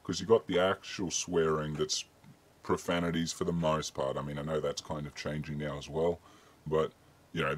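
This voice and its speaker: A man's voice: rumbling low, breathy edge. A man from Australia hosting a casual chat, easygoing and swearing freely. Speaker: host.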